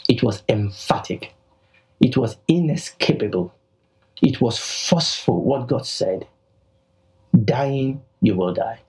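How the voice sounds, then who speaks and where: A man's voice: mid-range voice, a little mellow, breathy edge, rough recording. A man teaching the Bible in a broadcast, emphatic and repeating key phrases.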